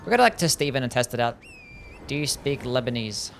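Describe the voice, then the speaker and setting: A man's voice: medium pitch, sing-song, brisk, creaky, a bit bright. Guy streaming a game, laid back chatter, answers chat, bit of game hum behind. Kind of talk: casual gameplay chat reading chat.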